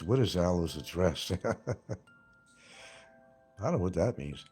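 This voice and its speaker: A man's voice: sits low, sing-song, normal speed, long pauses, breathy edge, soft background music. A man hosting a livestream, reading chat comments aloud and mocking people in a rambling, crude way. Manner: crude, mocking, laughs at his own jokes.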